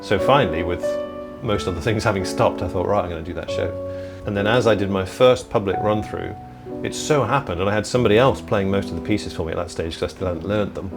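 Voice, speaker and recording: Man, comedian guest, quick anecdotal chat, lowish voice, animated, faint music behind. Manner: animated storyteller who acts out the people he quotes.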